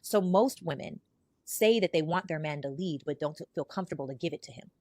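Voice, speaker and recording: A woman on a podcast panel, explaining her views in a measured way and acting out both partners in her examples. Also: deep voice, mellow, dry recording.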